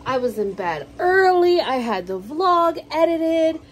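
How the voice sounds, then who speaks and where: A woman's voice: sits high, sing-song, takes it slowly, low-quality recording. A woman vlogger chatting casually to camera at home, telling stories in a slangy, joking way. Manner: chatty, slangy, jokey storytelling.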